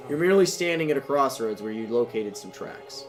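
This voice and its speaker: A man narrating a tabletop game as game master, halting with many fillers and restarts. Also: mid-range voice, animated, soft background music.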